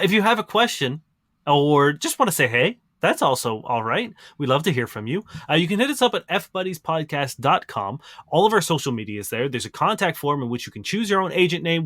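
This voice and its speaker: A man's voice: on the high side, a bit bright, no echo, clean studio sound. A man co-hosting a podcast, earnestly thanking listeners in a casual, chatty sign-off. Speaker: podcast co-host.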